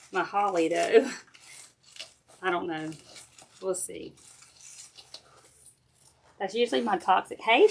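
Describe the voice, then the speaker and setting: A middle-aged woman, chatting casually with viewers while she demonstrates a craft project on a livestream. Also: medium pitch. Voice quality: chatty, folksy, talks straight to viewers while working. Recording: faint background noise and clicks.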